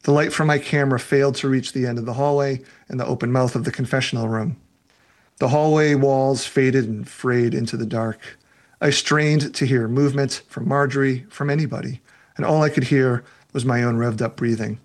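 A man who writes novels reads aloud from his book and answers reader questions in a relaxed way, laughing often. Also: medium pitch, moderate pace. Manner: relaxed, laughs often, uses fillers such as "you know".

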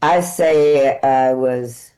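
An American woman actor, a guest in an interview, telling lively stories and acting out the dialogue in them. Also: extremely low pitch, drawn-out words, low-quality recording. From United States. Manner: animated, acts out dialogue in her stories. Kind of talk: conversational interview storytelling.

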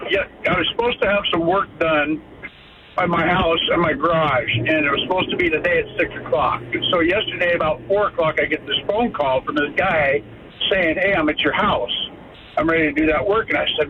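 A man in his fifties calling in to a radio show, telling a heartfelt story in a rambling way. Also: fairly high pitch. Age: 50s. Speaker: caller. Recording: tinny phone line with noise.

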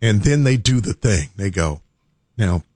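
A man's voice: lowish voice, sing-song, normal speed, darkish tone, no room sound, studio quality. Man telling a playful story. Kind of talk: casual talk show chat.

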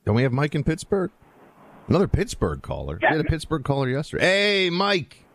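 A man's voice: mid-range voice, quick pace, breathy edge. A man hosting a talk radio show, chatting casually with callers and hesitating often. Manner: relaxed, with frequent "uh" hesitations.

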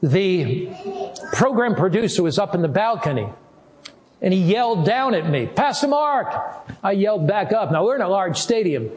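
An older man preaching a sermon as a pastor, earnest, with slow, drawn-out emphasis on key words. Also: high-pitched, animated, darkish tone.

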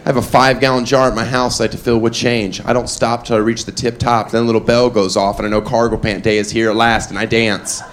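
Male comic doing stand-up, deadpan and chuckling, handheld mic, noisy live club tape. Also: mid-range voice, fast talker, few pauses. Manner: deadpan, self-amused, often laughing. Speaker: stand-up comedian. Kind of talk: stand-up comedy set. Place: comedy club stage. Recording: live club recording with background noise.

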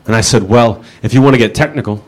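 A male stand-up comedian delivering dry, deadpan one-liners on a club stage. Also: medium pitch, fast.

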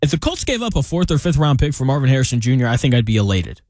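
A man co-hosting a casual sports podcast, animated and self-mocking, with many restarts. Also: mid-range voice, very fast, dry recording, studio quality.

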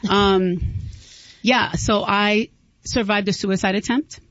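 A woman's voice: medium pitch, fairly even intonation, slow, a bit bright, no echo. A woman talks through her story as an interview guest, earnest and heartfelt, often stumbling and restarting mid-sentence. Her voice is dry and close, with a dull, lo-fi broadcast quality. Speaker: guest author. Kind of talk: candid interview talk.

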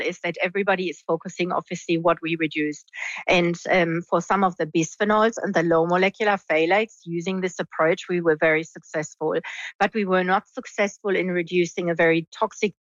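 Low-voiced woman researcher, lo-fi. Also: fairly even intonation, no room sound. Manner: measured, with frequent fillers. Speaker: researcher guest. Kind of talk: explaining research in an interview.

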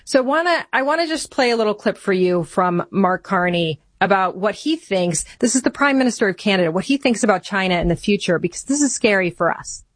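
A woman's voice: medium pitch, no room sound, studio quality. A woman hosting a political talk radio show, speaking urgently and repeating points for emphasis. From Michigan. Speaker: radio host.

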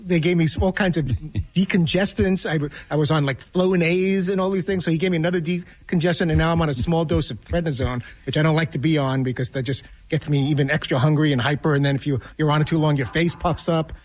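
Male radio sidekick, quick rambling talker, slightly high voice. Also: steady tone, rough recording. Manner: rapid, rambling, self-deprecating. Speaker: radio show co-host. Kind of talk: casual talk radio chat.

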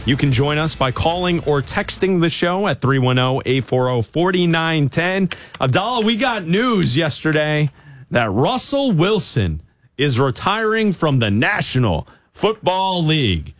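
Lively sarcastic sports radio host, man. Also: on the high side, a little slow, no room sound. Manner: animated, sarcastic banter. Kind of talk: live sports talk radio. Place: radio studio.

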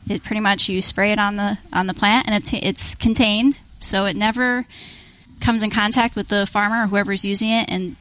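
A woman's voice: medium pitch, fairly even intonation, moderate pace, fairly bright tone, no room sound, poor audio. A woman who is a policy director, answering interview questions in a conversational way, explaining at length with frequent restarts. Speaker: policy director for a farm group. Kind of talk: interview guest.

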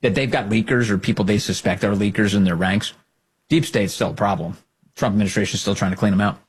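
Husky-voiced man, mocking commentary. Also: lowish voice, quick pace. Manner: sarcastic, mocking. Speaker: show host. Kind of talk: political commentary monologue.

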